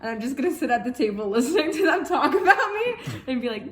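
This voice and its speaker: A woman's voice: high-pitched, sing-song, fast talker, a bit bright, reverberant. A young woman co-hosting a home vlog, chatting casually with a playful, teasing manner and frequent laughter. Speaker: vlog co-host. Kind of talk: casual chat.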